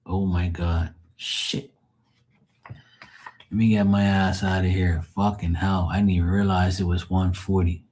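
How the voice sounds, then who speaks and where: A man's voice: deep voice, little pitch movement, measured pace, a little mellow, a little hiss or hum. A man hosting a late-night live tarot stream, telling stories in a rambling, profane way and laughing at them. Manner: laughs often at his own stories. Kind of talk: late-night livestream storytelling.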